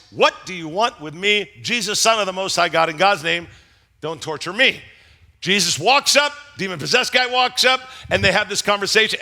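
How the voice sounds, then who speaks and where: A man preaching a sermon as pastor, animated and dramatizing the story, calling on the congregation to answer along. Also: high-pitched. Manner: animated, dramatizing scripture with acted voices and shouts. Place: church sanctuary before a congregation.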